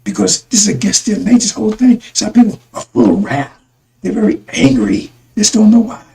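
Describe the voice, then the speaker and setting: A man's voice: sits high, sing-song, a little fast, creaky, darkish tone, rough recording. A man giving a rambling religious talk to his listeners, repeating himself and calling them brothers and sisters. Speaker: religious broadcaster.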